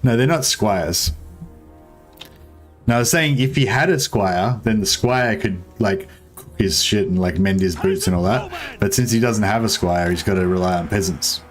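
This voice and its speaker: A young man with a lowish voice talks his way through a strategy game on stream. He rambles, jokes and answers his viewers in a loose, offhand way, with a little swearing mixed in. Soft game music plays faintly underneath. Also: normal speed. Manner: rambling, joking, chats with viewers, mild swearing. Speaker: gaming streamer. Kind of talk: casual let's-play commentary.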